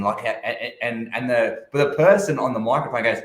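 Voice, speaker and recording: A man's voice: medium pitch, brisk, roomy sound. A man co-hosting a casual chat, telling stories and acting out what people said. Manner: animated storytelling, acts out quotes. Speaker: co-host.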